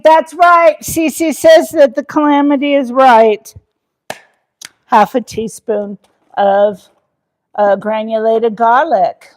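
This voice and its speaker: This cooking livestream host talks casually from her own kitchen, drifting from topic to topic and answering people in chat as she works. She has a mid-range, slightly mellow voice.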